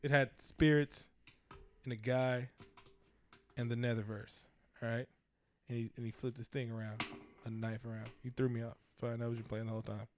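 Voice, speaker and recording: A man co-hosting a podcast, teasing and cursing loudly with lots of laughter. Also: medium pitch, little pitch movement, normal speed, pauses often, slight background noise. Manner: loud, teasing, laughing, profane. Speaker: podcast co-host. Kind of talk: casual banter.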